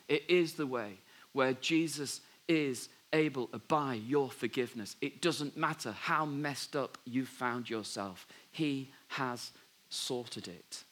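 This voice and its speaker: Man, pastor's sermon, bright forceful voice, animated storytelling. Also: mid-range voice. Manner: animated storytelling, drops to soft voice for God's words.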